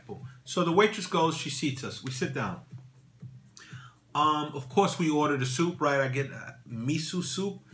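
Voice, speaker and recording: A man's voice: a bit bright, a little hiss or hum. A man vlogging about watches, telling a rambling, casual story with many repeats and asides. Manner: rambling, repeats phrases, says "boom" and "right?".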